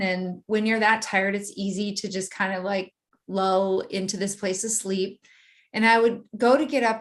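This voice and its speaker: A woman guest in an interview, telling a personal story in a vivid, animated way and often laughing. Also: medium pitch.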